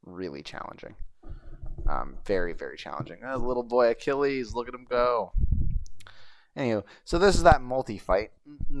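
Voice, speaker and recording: A man's voice: lowish voice, dry recording. A man hosting his own show, chatting casually over a video he plays, rambling and swearing now and then. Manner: rambling and chatty, with frequent fillers and profanity. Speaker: host.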